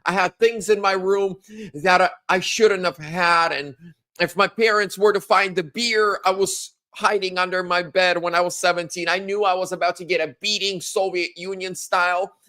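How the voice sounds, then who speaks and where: A man in his thirties hosting a casual political monologue, animated, acting out quotes in a higher voice. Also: moderate pace. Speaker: political commentary host.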